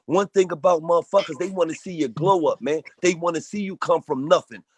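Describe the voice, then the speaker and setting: A man's voice: a little high, brisk, slightly rough, no room sound. A man on a phone call giving a blunt, profane motivational rant in a preachy manner. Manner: preachy, blunt, heavy swearing. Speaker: speaker in a group audio call. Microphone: phone on an audio call.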